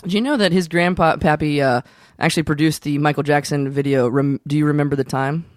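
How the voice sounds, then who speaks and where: A man co-hosting an improvised comedy podcast, playful and quick with interjections. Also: on the high side, steady tone, no echo, studio quality. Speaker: podcast co-host.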